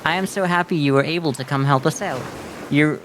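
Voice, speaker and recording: A man's voice: on the high side, a little fast, fairly bright tone, slight background noise, lightly acted, poor audio. Man reading out a cheerful woman resort owner. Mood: friendly.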